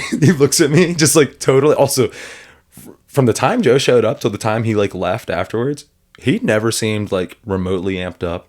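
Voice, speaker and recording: A man who coaches fighters, co-hosting a podcast and telling a story with animated energy and frequent laughter. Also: medium pitch, normal speed. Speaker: MMA coach and podcast co-host. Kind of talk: casual podcast chat.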